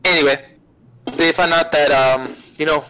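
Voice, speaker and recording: A man guesting on a podcast, retelling an anime plot in a profane, rambling, animated way. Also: a little high, moderate pace, no room sound, low-quality recording. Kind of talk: casual anime recap chat.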